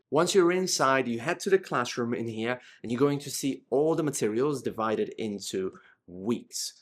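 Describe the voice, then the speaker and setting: In a mid-range voice, a man lectures on academic writing for a recorded online course, walking through each step and regularly using fillers and tag questions to check in.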